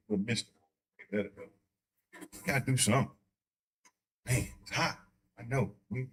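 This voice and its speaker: A man teaching a church Bible study in a casual, joking way, slipping into quick voices to make his points. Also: fairly high pitch, bright, forceful tone. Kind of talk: conversational sermon. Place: church sanctuary.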